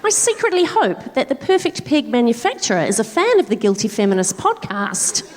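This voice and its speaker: Woman comedy co-host, live, dry quick one-liners, expressive pitch. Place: large theatre stage. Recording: live theatre with audience noise. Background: audience laughter.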